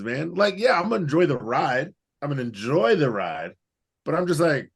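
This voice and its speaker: A man co-hosting a podcast in casual chat, animated and profane, rambling through his points. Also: a little high, moderate pace, gravelly, husky. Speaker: podcast co-host.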